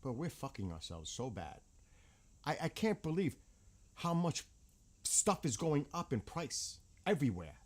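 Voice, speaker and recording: A man's voice: fairly high pitch, big pitch swings, measured pace. A man ranting bluntly about politics in a casual vlog, heated and swearing often. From United States. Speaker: vlogger.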